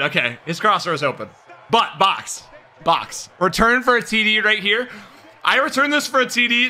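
A young man commentating his own live game stream, cocky and hyped, trash talking and yelling at the game. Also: high voice.

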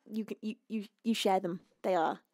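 A woman's voice: medium pitch, fairly even intonation, moderate pace, dark tone, no echo, studio quality. A woman streaming live and reading out donation messages, gushing and laughing, on the edge of tears. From United Kingdom. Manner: gushing, emotional, laughing often. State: tearful, close to crying. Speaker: livestreaming singer. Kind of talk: casual chat reading donations.

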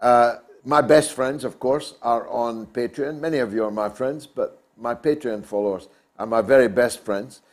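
A man's voice: mid-range voice, normal speed. A man hosting a talk show, delivering an emphatic, oratorical monologue.

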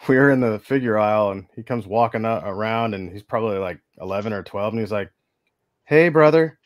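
A man's voice: on the low side, fairly even intonation, fast talker, dry recording, clean studio sound. Chatty man laughing through stories. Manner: laughs often, rambling anecdotes. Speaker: livestream host. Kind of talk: casual chat. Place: his home hobby room.

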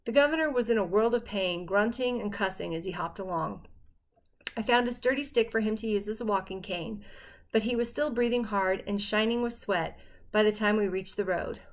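Brief: woman audiobook narrator, mid-pitched, steady first-person storytelling. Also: moderate pace.

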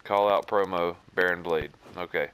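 A man's voice: sits low, steady tone, normal speed, a bit bright, smooth. A man commentating on his own game playthrough in a casual, rambling, wry way. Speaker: gaming commentator. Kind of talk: let's play commentary.

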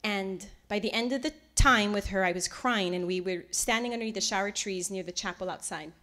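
Lady telling a story in a talk, heartfelt, goes soft and almost whispery, middle pitch. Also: fairly quick. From Hawaii. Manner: heartfelt storyteller, often dropping to a hushed near-whisper. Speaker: lecture speaker. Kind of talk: storytelling lecture.

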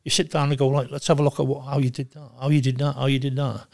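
An older man in his sixties, talking bluntly and with lots of swearing in a casual interview, telling animated stories. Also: mid-range voice, quick pace, creaky, no echo, clean studio sound. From Wales. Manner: blunt, profane, animated storytelling. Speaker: guest, former goalkeeper.

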